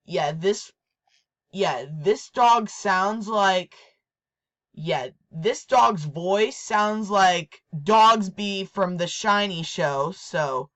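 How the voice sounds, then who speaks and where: A woman giving a casual show-and-tell of her toys. She talks slowly and keeps repeating herself, often stopping to restart a sentence. Her pitch is an ordinary middle height. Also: animated, a bit bright. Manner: repetitive, hesitant, restarts often. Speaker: toy collector vlogger.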